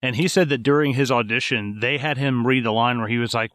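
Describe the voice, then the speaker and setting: A man's voice: mid-range voice, brisk, few pauses, no echo, clean studio sound. A man co-hosting a movie podcast, telling stories bluntly with lots of swearing. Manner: blunt, profane, animated storytelling. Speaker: podcast co-host. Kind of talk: casual movie podcast chat.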